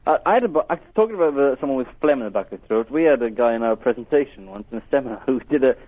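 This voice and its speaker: A man's voice: mid-range voice, expressive, very fast. A man calling in to a radio show, chatting casually with the host. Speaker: caller. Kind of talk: casual chat. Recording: tinny phone line.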